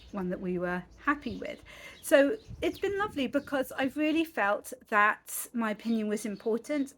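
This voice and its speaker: A British woman talking straight to camera in a relaxed vlog. Her voice sits at a middle pitch, and she chats along politely with plenty of ums. She often stops to correct herself mid-sentence. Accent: British English. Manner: chatty, many ums and self-corrections, polite and understated. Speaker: author vlogger. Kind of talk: casual talking-head vlog.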